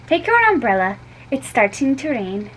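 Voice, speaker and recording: Mrs Capello: woman voicing a hospitable storybook mom, slight Italian accent, higher tone. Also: sing-song, normal speed, a bit bright, slight background noise, low-quality recording. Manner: hospitable, mock-wounded.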